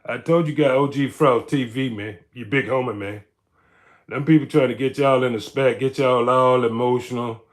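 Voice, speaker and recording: A man's voice: mid-range voice, fairly even intonation, normal speed. Man ranting on a livestream. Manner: emphatic and repetitive, tags lines with "man". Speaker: livestream host. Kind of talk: live-stream commentary rant.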